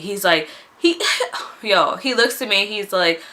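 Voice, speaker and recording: A woman in her twenties telling a casual storytime, animated and profane, laughing often. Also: mid-range voice, normal speed.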